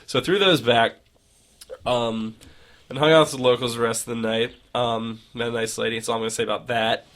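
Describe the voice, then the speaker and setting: A man's voice: medium pitch, fairly even intonation, a little fast, fairly bright tone. A young man co-hosting a casual podcast, telling a rambling travel story full of fillers. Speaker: podcast co-host. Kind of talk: casual chat.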